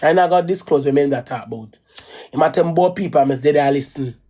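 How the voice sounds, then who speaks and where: A deep, dark voice delivered fast: a Jamaican-accented woman from the Caribbean vlogs a personal story as a casual rant. She rambles and repeats herself, restarting phrases and swearing bluntly.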